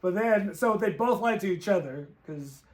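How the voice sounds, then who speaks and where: A man co-hosting a movie review, retelling scenes in a casual, excitable way with many fillers. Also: high voice, normal speed. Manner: excitable, filler-heavy storytelling with lots of "like". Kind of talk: casual chat.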